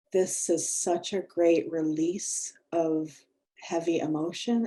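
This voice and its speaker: Mellow-voiced woman guiding a breathing exercise. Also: low-pitched. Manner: gentle, chatty, self-deprecating. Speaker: mindfulness and yoga instructor. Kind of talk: guided breathing and casual talk to a group. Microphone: video call.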